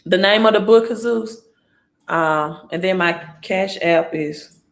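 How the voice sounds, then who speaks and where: A woman's voice: medium pitch, measured pace, gravelly. A woman from Mississippi with a Southern accent, hosting a casual live stream on her phone, reading comments and often asking "right?". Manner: chatty, reads viewer comments aloud, keeps asking "right?".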